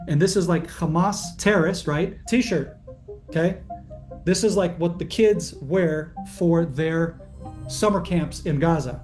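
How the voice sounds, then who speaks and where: A man with a high voice explains things emphatically and casually, checking in with "right?" after his points. Faint music plays behind him. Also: measured pace, darkish tone. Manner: emphatic, tags lines with "right?" and "like". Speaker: interviewee showing items.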